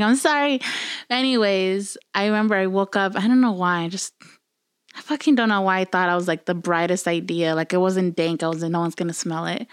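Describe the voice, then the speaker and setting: A woman's voice: medium pitch, clear, resonant tone, dry recording, studio quality. A woman co-hosting a podcast, telling a story in casual chat with lots of swearing, acting out the quoted voices. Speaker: podcast co-host.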